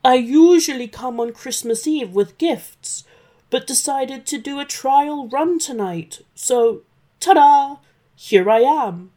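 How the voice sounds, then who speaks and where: A woman's voice: sits high, animated, slow pace, warm tone, pitched above the performer's own voice. A woman voicing a nervous, bumbling Santa Claus, an old man who stammers and fibs cheerfully.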